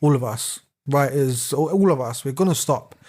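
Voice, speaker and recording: A man's voice: medium pitch, normal speed, darkish tone. A man, co-hosting a casual podcast, rambling and laughing as he rants. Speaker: podcast co-host. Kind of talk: casual chat.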